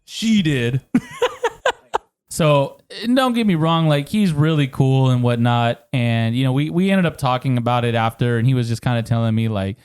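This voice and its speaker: A man co-hosts a podcast, his medium-pitched voice clear and resonant at a normal speed. He tells amusing stories casually and animatedly, laughing often and cursing freely.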